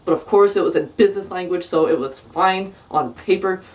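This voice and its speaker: Talking a little fast, this South Jersey vlogger has a somewhat low, slightly mellow voice. The young woman launches into a profane, sarcastic, exasperated storytime rant, recorded with her voice somewhat distant from the microphone.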